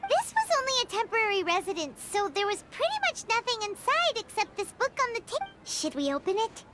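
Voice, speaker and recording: Paimon, squeaky excitable sprite. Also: female voice, fairly quick, heavy background noise, full character voice. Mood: lively. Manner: chatty, animated, refers to herself by name. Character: tiny chatty floating companion sprite, excitable. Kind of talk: video game dialogue. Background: game music.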